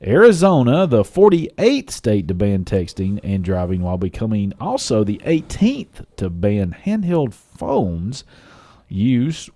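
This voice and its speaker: A man's voice: on the low side, big pitch swings, slow, mellow. A man co-hosting a radio tech show, reading news in a folksy way and cracking jokes. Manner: folksy and joking. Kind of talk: casual radio news chat.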